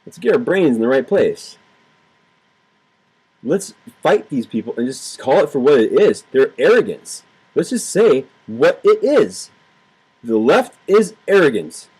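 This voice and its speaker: Husky-voiced man ranting heatedly. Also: medium pitch, very animated, unhurried, darkish tone, low-quality recording. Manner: heated, repetitive, sarcastic, swears freely. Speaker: political vlogger. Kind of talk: ranting political commentary to camera.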